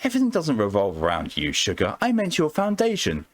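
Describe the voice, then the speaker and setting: A man voicing a sickly, flirtatious female entity who drawls and teases, in a high falsetto. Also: expressive, very fast, no echo. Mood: teasing. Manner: teasing, calls listener sugar and honey.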